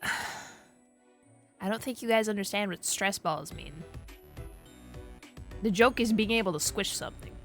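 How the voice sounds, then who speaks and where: A woman's voice: mid-range voice, unhurried, long pauses, fairly bright tone. A young woman streaming, chatting crudely with her chat, rambling and laughing as she goes. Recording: music playing behind.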